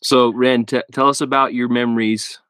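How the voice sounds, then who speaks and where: A man's voice: mid-range voice, flat delivery, moderate pace, a bit bright, dry recording. A man hosting a podcast, asking his guest questions in an easygoing way. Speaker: podcast host. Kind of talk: interview questions.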